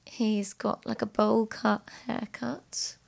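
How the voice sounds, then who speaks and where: A woman, an archivist co-hosting a podcast, chatting in a relaxed way and laughing easily. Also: on the high side, slow, vocal fry. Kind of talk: casual podcast chat.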